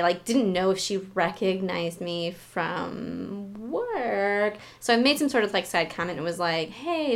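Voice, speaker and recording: A woman's voice: medium pitch, a bit bright. A woman co-hosting a podcast, telling rambling stories with lots of "like.". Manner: rambling, heavy use of "like". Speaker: podcast co-host. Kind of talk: casual chat.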